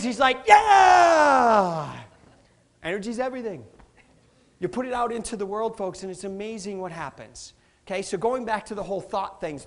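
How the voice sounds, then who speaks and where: High-voiced, energetic motivational speaker man. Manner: energetic, playful, asks the audience questions and laughs often. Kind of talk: live motivational talk to an audience.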